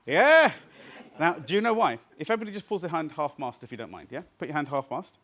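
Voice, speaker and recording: A man with a slightly high, fairly bright voice talks fast, with big swings in pitch. He's a trainer running a live workshop in a seminar room, engaging a small group interactively and checking in with them often.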